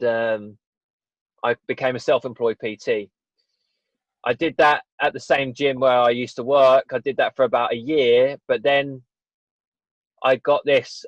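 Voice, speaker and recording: A man's voice: mid-range voice, dry recording. A man in his twenties, a podcast guest, telling his story in a rambling, candid way with many restarts. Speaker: guest, fitness business owner. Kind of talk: casual podcast interview. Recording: dull dry lo-fi audio.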